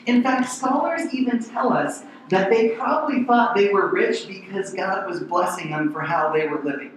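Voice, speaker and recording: A man's voice: high-pitched, normal speed, fairly bright tone, far from the mic, a little hiss or hum. A middle-aged man preaching a conversational sermon as pastor, acting out the voices in the verses. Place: large church hall. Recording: very echoey hall.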